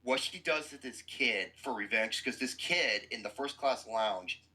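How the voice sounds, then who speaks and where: A man's voice: mid-range voice, unhurried, pushed and bright, poor audio. A man hosting a podcast who gives a blunt, profane movie review with explosive outbursts.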